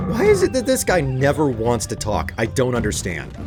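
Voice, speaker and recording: A man's voice: medium pitch, huge pitch swings, moderate pace. A man casually commenting on his gameplay in a rambling, hesitant, wry way. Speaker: let's play host. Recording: game music in background.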